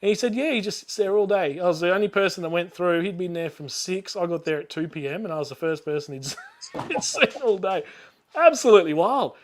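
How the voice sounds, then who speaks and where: Australian man, middle-aged, high voice, rambling casual story, fillers and laughs, video call. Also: expressive, quick pace. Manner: rambling, laughs often, lots of fillers and restarts. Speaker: YouTuber guest.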